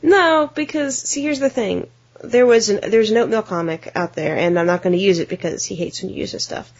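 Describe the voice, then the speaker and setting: A young American woman co-hosting a podcast in casual chat, talking quickly with many fillers and restarts. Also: mid-range voice. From United States. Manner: chatty, many fillers and restarts, acts out silly voices. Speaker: podcast co-host and editor. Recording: somewhat dull lo-fi audio.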